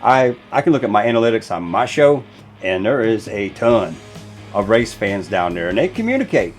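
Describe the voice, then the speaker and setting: A man with a fairly low voice hosts a racing commentary show, talking loosely and with emphasis. He restarts sentences often and leans on fillers as he goes. Soft guitar music plays behind him. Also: sing-song, normal speed. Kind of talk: casual commentary video.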